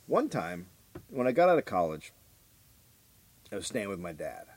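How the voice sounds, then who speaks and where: A man co-hosting a comedy podcast, telling a long story in a deadpan way and acting out the voices of the people in it. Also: lowish voice, normal speed. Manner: deadpan storyteller who acts out the voices of the people in his stories. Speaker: podcast co-host.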